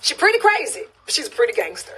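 A woman with a Louisiana accent chats on a phone live stream. Her voice is high and husky, and it swoops up and down as she reacts. She laughs easily and keeps repeating her punchlines. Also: quick pace. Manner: animated, laughs often, repeats phrases for emphasis. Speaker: livestream host. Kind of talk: casual live-stream chat reading comments.

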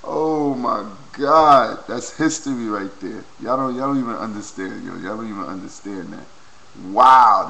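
A young man vlogging into a low-quality webcam, excitedly reacting and repeating exclamations. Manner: hyped, repetitive exclamations. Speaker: video blogger.

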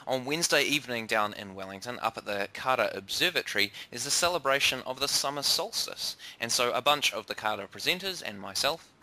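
A man co-hosting a casual science podcast, enthusiastic and halting, with repeats and ums as he explains. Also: fairly low pitch, sharp tone. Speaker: podcast co-host and science presenter.

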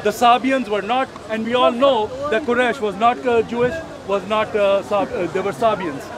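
A man's voice: high voice, fairly even intonation, moderate pace. A man in a street debate, answering defensively and dismissively. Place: outdoors on a city street. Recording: crowd noise around the speaker. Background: crowd.

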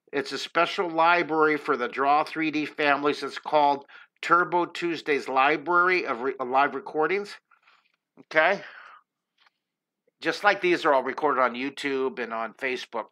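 Sketching live for his viewers, this middle-aged host and drawing instructor keeps up cheerful, supportive chatter. He speaks with a fairly high pitch and a sharp tone.

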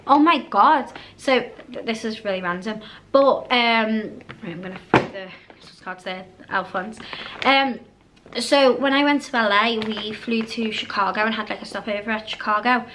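A woman's voice: fairly high pitch, moderate pace, background noise. A British woman vlogging a casual haul, chatty and rambling, often drifting off topic. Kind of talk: casual haul vlog chat.

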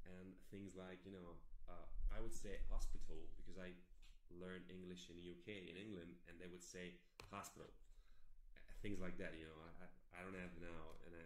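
A man's voice: low-pitched, a bit bright, reverberant, a little hiss or hum. A man from Italy with an Italian accent, talking earnestly and casually with fans on a phone livestream from his home, with many fillers and restarts. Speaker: actor. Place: indoors at home.

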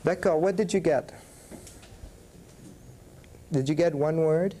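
A man's voice: fairly high pitch, slow, warm tone, a little hiss or hum. A man teaching a university French class, mixing English and French and checking in with his students.

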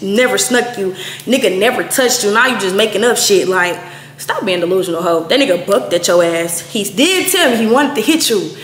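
A young woman in her twenties casually telling a profane story to camera, acting out quoted lines with big jumps in pitch. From Texas. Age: 20s. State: out of breath at times. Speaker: storytime vlogger. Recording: echoey room with faint noise.

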